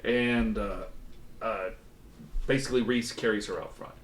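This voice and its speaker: A man's voice: fairly low pitch, steady tone, unhurried, echoey room. A man running a tabletop role-playing game in person, narrating with lots of restarts and fillers. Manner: rambling, with many restarts and fillers. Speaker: game master. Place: room shared with players.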